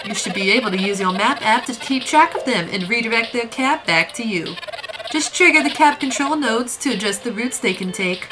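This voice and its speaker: A woman's voice: a little high, background noise, natural voice. A woman voicing a folksy hacker with a put-on, wobbly country drawl and homespun sayings. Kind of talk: voicing game dialogue while playing. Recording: game music behind.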